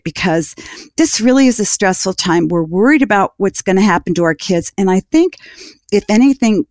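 A woman's voice: mid-range voice, no room sound, clean studio sound. A woman hosting an interview, asking questions and affirming her guest with frequent murmurs. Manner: warm affirming listener, frequent mm-hmms. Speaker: interview host. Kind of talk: conversational radio interview.

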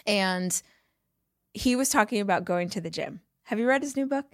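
Woman host in her 30s, casual interview chat, animated and chatty, close dry mic. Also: mid-range voice, moderate pace, no echo. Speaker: podcast host.

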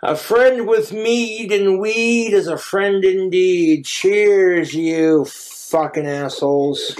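A man from Wyoming with a notably high voice, rambling from one crude joke to the next. He talks in a loose livestream monologue, swearing freely. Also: steady tone, slow pace, a little mellow. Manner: profane, rambling joke-telling.

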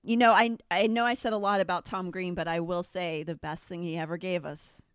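A woman's voice: lowish voice, steady tone, brisk, clean tone, no echo, studio quality. A woman co-hosting a podcast in casual chat, enthusiastic and laughing often. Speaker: podcast co-host.

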